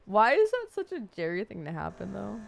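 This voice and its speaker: A woman's voice: mid-range voice, huge pitch swings, brisk, creaky, a little hiss or hum. A young woman livestreamer casually chatting to her viewers while reacting to roleplay clips, swearing and thinking aloud as she goes. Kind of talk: casual stream chat to viewers.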